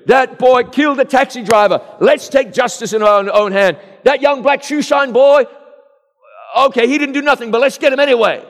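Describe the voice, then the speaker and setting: A man's voice: very high voice, moderate pace, pitched above the performer's own voice. Man playing bitter vengeful man, raised threatening voice, hall echo. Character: angry vengeful man bent on revenge. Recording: long echo of a large hall.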